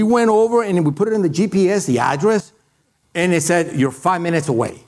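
Man, middle-aged, foreign accent, sermon storytelling, fairly high voice, halting and animated. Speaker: preacher.

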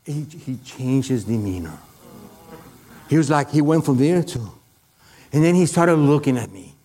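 A middle-aged man with a foreign accent and a voice on the high side preaches a sermon. He tells a personal story animatedly, with many halting restarts.

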